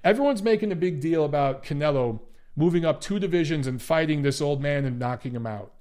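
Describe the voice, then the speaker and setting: A man's voice: a little high, a little fast, a little mellow. A man doing blunt, sarcastic boxing commentary on a livestream, swearing freely and answering chat. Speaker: boxing analyst and ratings panelist.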